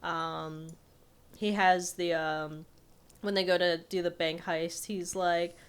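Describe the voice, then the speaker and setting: A woman's voice: fairly low pitch, steady tone, takes it slowly, clean tone. A woman co-hosting a podcast, chatting casually about a cartoon and reading trivia aloud with frequent laughter. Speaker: podcast co-host.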